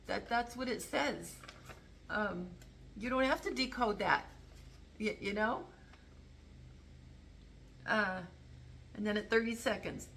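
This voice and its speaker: A woman's voice: a little high, unhurried, long pauses, a bit bright, a little hiss or hum. A woman talking casually to camera about politics, rambling and correcting herself as she goes. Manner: rambling, self-interrupting, earnest. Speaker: political commentary vlogger.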